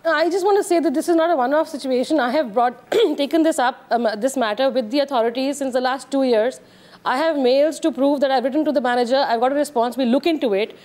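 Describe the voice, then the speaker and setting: A woman's voice: high voice, fast talker, darkish tone. A woman with an Indian English accent speaking as a guest on a television debate, earnest and frustrated.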